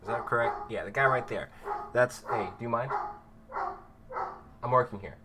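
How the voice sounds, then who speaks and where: A man's voice: mid-range voice, moderate pace, background noise. A young man acting as game master, casually introducing his players with rambling, teasing jokes on a video call. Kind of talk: casual, joking intro to a live tabletop stream.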